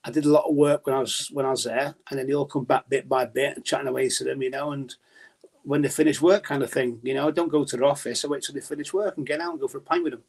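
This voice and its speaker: A man's voice: medium pitch, steady tone, fast, vocal fry, darkish tone, slightly rough. A man talking as a podcast guest about his darts journalism in a casual, rambling way with many restarts.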